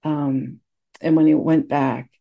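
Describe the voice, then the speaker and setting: A woman meditation teacher giving a dharma talk in a gentle, reflective way, teary as she speaks. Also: low-pitched, flat delivery, slow, gravelly, highs cut off.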